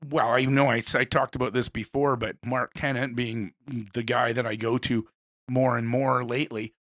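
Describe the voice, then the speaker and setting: A man hosting a casual interview, telling rambling animated stories. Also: mid-range voice, normal speed, no echo. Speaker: podcast host.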